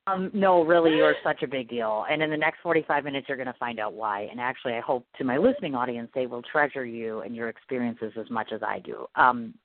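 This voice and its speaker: A woman from the Midwest hosting a podcast talks fast and gushes. Her voice comes through dry and thin, like over a phone line. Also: rumbling low, no echo. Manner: gushing, excitable, self-described nervous. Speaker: podcast host. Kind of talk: casual interview chat. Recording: dry, tinny phone-like sound.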